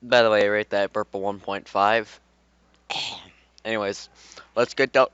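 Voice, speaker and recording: Guy reading fanfic out loud, rambling n swearing, smooth lowish voice, kinda dull dry mic. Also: fairly even intonation, normal speed, dry recording. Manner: rambling, swearing, laughing asides. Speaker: fan fiction reader and YouTuber. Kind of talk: casual reading with rambling commentary. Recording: dull, dry home recording.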